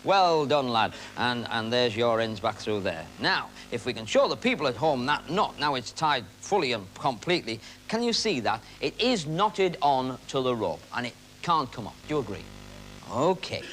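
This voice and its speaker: A man's voice: mid-range voice, a bit bright, rough recording. Male comic magician working a TV studio crowd, bouncy teasing patter, faint room hum behind. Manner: cheeky, teasing banter with audience volunteers. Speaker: magician and comedy host. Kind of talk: stage comedy patter with audience participation. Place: television studio stage with a live audience.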